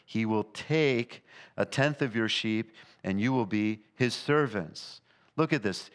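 Male pastor delivering a sermon, emphatic, shifting from loud highs to low, quiet passages. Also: very animated, takes it slowly. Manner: emphatic preaching, rising and falling in pitch and volume.

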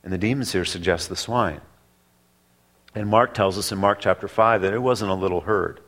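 Deliberate low-voiced male preacher. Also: a bit bright. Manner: deliberate, with drawn-out pauses and emphatic repetition. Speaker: pastor. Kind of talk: expository sermon.

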